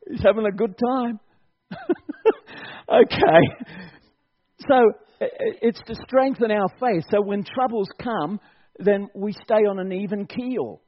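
A man's voice: high-pitched, slow, pauses often, muffled recording. A man preaching a sermon at a church service, exhorting his congregation and laughing often as he talks.

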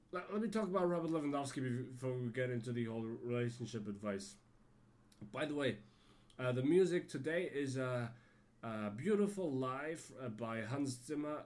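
A man from Germany hosts a solo podcast, rambling casually, restarting and correcting himself often, and laughing quietly to himself. His voice is mid-range with a darkish tone.

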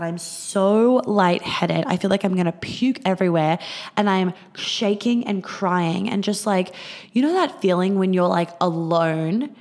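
A young Australian woman with a voice on the low side hosts a podcast, telling a rambling story casually, swearing freely and filling it with lots of fillers.

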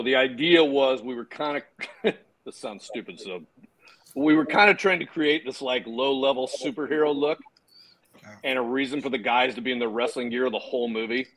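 Relaxed storytelling man, mid pitch. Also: normal speed, rough recording. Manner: relaxed storyteller, swears casually, trails off with fillers. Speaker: guest filmmaker and actor. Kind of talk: casual interview chat.

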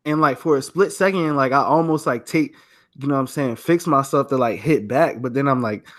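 A man's voice: medium pitch, fairly quick. A young man co-hosting a podcast, telling a story in loose, slangy casual chat with many fillers. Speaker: podcast co-host.

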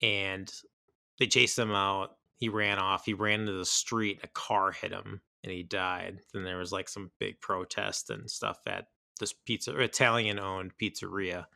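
A man's voice: sits low, measured pace, vocal fry, no echo. A man hosting a casual movie podcast, talking loosely with many fillers. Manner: relaxed, lots of fillers like "like" and "kinda". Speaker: podcast host.

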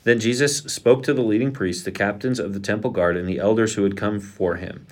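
Low-voiced man reading scripture aloud. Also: a little fast. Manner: reads quoted speech with big rises in pitch and force. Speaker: podcast co-host.

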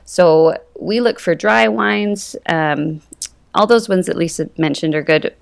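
A woman's voice: on the low side, measured pace, creaky, smooth. A woman guest on a podcast, explaining things confidently in casual conversation. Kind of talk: casual interview chat.

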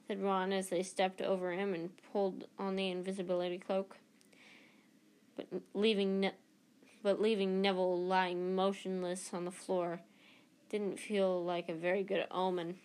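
A woman's voice: medium pitch, level tone, moderate pace, a little mellow. A woman reading a novel aloud in an unpolished way, with frequent slips and restarts. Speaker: audiobook reader.

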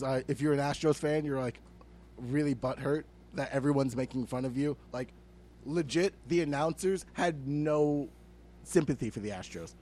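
Young man ranting on a comedy podcast. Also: fairly high pitch. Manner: animated ranting, swears a lot, many fillers. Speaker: podcast co-host. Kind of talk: casual comedic podcast chat.

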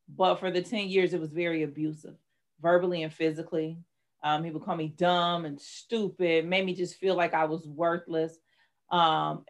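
Candid woman telling her story. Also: fairly low pitch. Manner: candid, dramatic retelling, rising to shouts when reliving anger. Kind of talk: personal testimony in an interview.

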